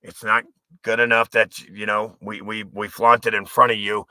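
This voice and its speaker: Brief: profane male livestream host, rambling rant, bright edgy tone. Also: lowish voice, little pitch movement, moderate pace, dry recording. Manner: profane, angry, rambling, sometimes shouting.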